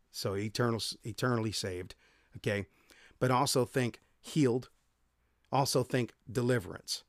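A man's voice: medium pitch, no room sound. A man reads Bible verses and then talks them through in an easygoing teaching manner, often stopping to correct himself. His voice sits in a middle register and sounds dry and close, with no room around it. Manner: conversational, reads scripture then explains, frequent self-corrections. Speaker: podcast host and Bible teacher. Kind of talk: casual devotional podcast teaching.

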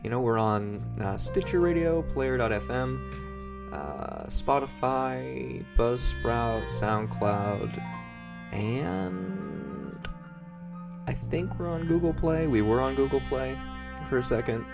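A man's voice: medium pitch, very animated, slow pace, gravelly, music in the background. A man co-hosting a comedy podcast, chatting casually and rambling as he recaps a show and stumbles over his words. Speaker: podcast co-host.

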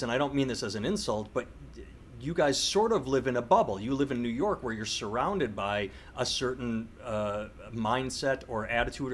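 A man's voice: mid-range voice, a little hiss or hum. A man hosting a casual podcast chat, talking animatedly and acting out outraged voices. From United States. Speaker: podcast host.

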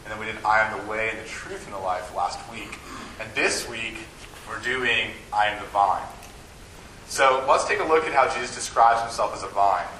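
A man preaching in a chatty, self-deprecating way, his voice bright and forward. He is picked up from a distance in an echoey room. A faint hum of ambience sits underneath. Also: lowish voice, moderate pace. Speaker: campus ministry preacher. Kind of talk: informal sermon. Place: meeting room with an audience.

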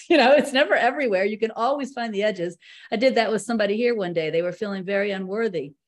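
Woman, spiritual teacher, casual talk, easygoing and conversational, slows to read. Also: medium pitch. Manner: conversational, laughs easily, slows to read passages.

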